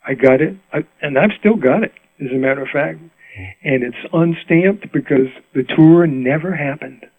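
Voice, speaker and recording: A man's voice: on the high side, normal speed, no echo. Older man telling stories over a tinny line. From Rhode Island. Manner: chatty, laughing storyteller with many restarts. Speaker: mandolin player, interview guest. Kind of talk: casual storytelling interview.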